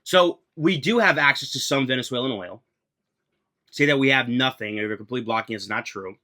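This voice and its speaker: Blunt, bright-voiced man ranting profanely. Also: medium pitch, fairly quick. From United States. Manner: blunt, profane and heated, repeating points for emphasis. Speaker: political commentator. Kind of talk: casual political rant.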